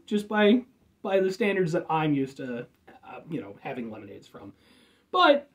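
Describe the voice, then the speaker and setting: A man's voice: on the high side, huge pitch swings, normal speed. A man from the United States doing a casual, rambling drink review with jokes and offhand swearing.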